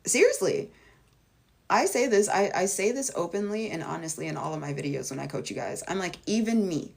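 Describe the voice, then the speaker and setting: A woman vlogger and life coach talks to her viewers in a casual monologue, blunt and emphatic, swearing freely and acting out quoted voices with big jumps in pitch. She speaks briskly, with lively intonation and a creaky voice.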